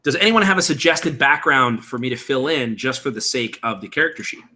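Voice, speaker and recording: The streamer's mid-range voice is expressive, brisk, pushed and bright as he creates a game character live. He explains it casually and in a rambling way, thinking aloud and answering viewer chat, from a room at home with window blinds.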